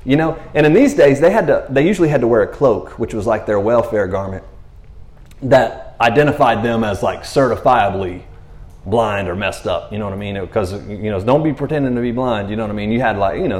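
A man's voice: lowish voice, a little fast, darkish tone. A man preaching a casual, rambling sermon, constantly checking in with his listeners. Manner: rambling, chatty, keeps asking "you know what I mean". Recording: roomy echo.

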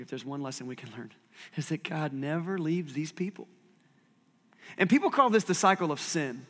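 A man's voice: on the high side, a bit bright, big-room sound. A man preaching a sermon as pastor, talking conversationally with self-deprecating asides.

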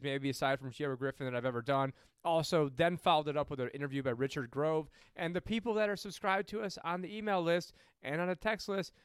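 A man's voice: a little high, clear, resonant tone, dry recording. A man co-hosting a podcast, ranting heatedly about money and politics, swearing and rambling with many fillers and restarts. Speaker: podcast co-host. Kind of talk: casual political and money talk.

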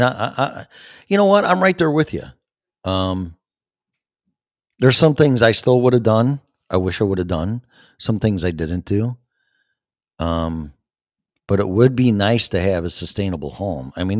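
Fifty-something guy hosting his podcast, kinda low voice, rambles thru chat comments, dry close sound. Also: no room sound. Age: 50s. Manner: rambling, talks to chat, many fillers and restarts. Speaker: podcast host. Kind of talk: casual chat reading live comments.

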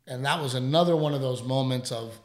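A male radio host spinning a story in loose, rambling chat, full of "you know" and restarts. His voice sits at a middle pitch, and the sound carries some room echo. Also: fairly quick. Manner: animated, rambling, frequent fillers.

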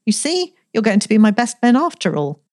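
A woman reading a jovial young man in a storybook, brisk and cheerful. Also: a little high, sing-song, darkish tone, pitched above the performer's own voice. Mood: hearty.

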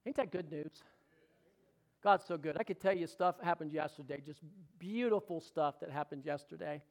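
A middle-aged pastor with a drawl preaches in a fairly high voice. He calls out for amens and teases people in the pews between points. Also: moderate pace, gravelly. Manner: exclamatory, calls for amens and jokes with the congregation. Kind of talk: sermon.

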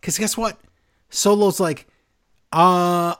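A man in casual podcast chat, recapping with a sarcastic edge. His pitch swings widely as he jumps from point to point. He talks at a mid height with lively inflection. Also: normal speed. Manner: animated, sarcastic play-by-play. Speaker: wrestling podcast co-host.

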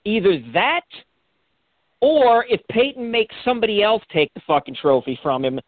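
A man's voice: high-pitched, animated, dry recording. Radio co-host guy rambling, trips over his words, swears, tinny dry sound. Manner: rambling, halting, lots of restarts and swearing. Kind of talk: casual sports radio banter.

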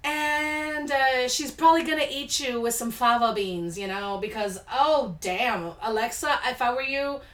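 A woman's voice: fairly high pitch, a little slow, hardly any pauses, a bit bright. A woman hosting a casual podcast, reading listener stories aloud and reacting with blunt, laid-back asides. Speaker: podcast host. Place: home studio room. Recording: echoey room.

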